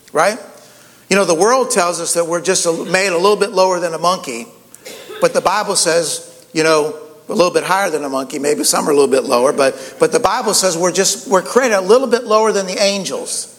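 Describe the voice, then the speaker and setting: High-voiced man preaching in a hall. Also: a bit bright. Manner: conversational preaching with many repeated words and "you know". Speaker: pastor. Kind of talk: sermon.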